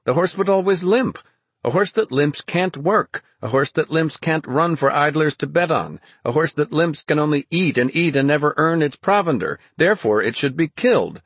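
A brisk, smug young horse doctor, as a male narrator puts him on. He clips his words with a raised, husky voice in a storybook telling. Everything lands as a tidy verdict. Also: a little high, expressive, fairly bright tone, dry recording, voice pushed up, heavily acted. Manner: brisk, clipped, self-satisfied.

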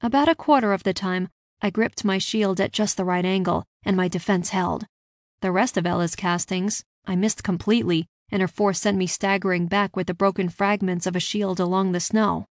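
A woman reading a first-person fantasy story aloud with steady, expressive narration. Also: medium pitch, normal speed, no room sound, studio quality.

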